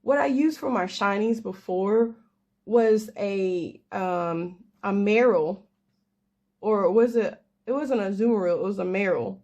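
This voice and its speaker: A woman's voice: mid-range voice, a little slow, a little mellow, dull audio. Young woman chatting away casually, rambly and jokey about herself. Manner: chatty, rambling, self-deprecating with laughs. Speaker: crafter and gamer. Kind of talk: casual storytelling chat.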